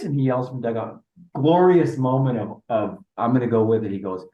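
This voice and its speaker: Lively man in his fifties, roomy distant sound. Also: medium pitch, fairly quick, highs cut off. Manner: animated storyteller, playful. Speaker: podcast host. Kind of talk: casual storytelling chat.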